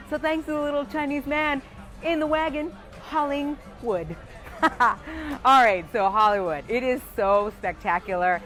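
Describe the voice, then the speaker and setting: A woman's voice: high voice, expressive, a little slow, fairly bright tone, soft background music. A woman hosting a show outdoors on a busy street, bubbly and laughing often. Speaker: host. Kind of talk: lively presenting to camera.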